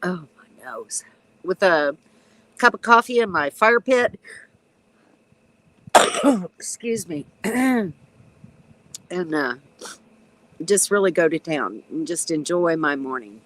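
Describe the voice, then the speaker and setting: A woman in her sixties, a retired nurse, chatting casually on a live stream from her backyard, with a stuffy, runny nose, clearing her throat and chuckling. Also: lowish voice, animated, slow pace, long pauses, a bit bright, no echo, rough recording. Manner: chatty, reads out comments, frequent ums and chuckles.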